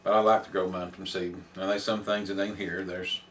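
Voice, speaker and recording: An older homesteader with a drawl, speaking plainly and without hurry. His voice sits very low and stays level, with little rise and fall. He sounds a little away from the mic, with a faint hiss behind him. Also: flat delivery, fairly bright tone. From Middle Tennessee. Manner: plainspoken, unhurried explaining. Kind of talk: casual chat. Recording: distant mic with faint background noise.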